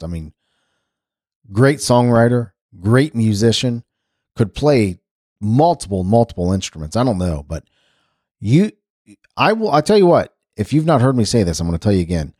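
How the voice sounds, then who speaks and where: A man's voice: sits low, darkish tone, no room sound, clean studio sound. A man hosting a casual radio segment, reading weather and birthdays in a chatty, rambling way. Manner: chatty, rambling, self-correcting. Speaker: radio host.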